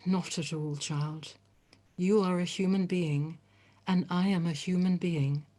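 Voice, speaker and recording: A woman voicing a kind, gentle man, a forest hermit who speaks quietly and reassuringly. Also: lowish voice, fairly even intonation, unhurried, natural voice.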